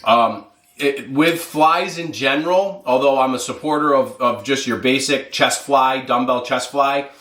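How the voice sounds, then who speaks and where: A man's voice: mid-range voice, unhurried, a bit bright, reverberant. A man hosting a fitness vlog, chatting casually and rambling with lots of fillers while he eats. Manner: rambling, filler-heavy, talks with mouth full. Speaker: fitness channel host.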